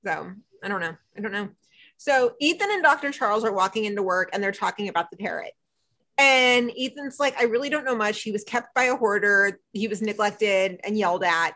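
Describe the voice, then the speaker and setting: Bright-voiced woman gabbing about a show. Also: mid-range voice, a little fast. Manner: animated retelling with quoted dialogue, frequent "like". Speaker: podcast co-host. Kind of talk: casual chat recapping a TV episode.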